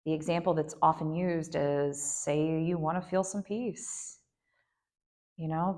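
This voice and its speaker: A woman guiding a yoga nidra meditation in a gentle, unhurried way, with soft asides and frequent fillers. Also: low voice, fairly even intonation. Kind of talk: guided meditation instruction.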